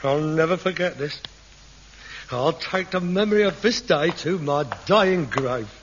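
A theatrical, pompous son. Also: male voice, sits high, sing-song, moderate pace, bright, forceful tone, slight background noise, exaggerated voice. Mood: wounded. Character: melodramatic hypochondriac grown son. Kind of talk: 1960s sitcom acting. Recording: dull old television recording.

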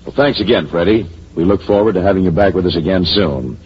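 A man's voice: low voice, quick pace, husky. A man hosting a radio program in a courteous, formal manner, on a muffled 1930s broadcast recording. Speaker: host and director.

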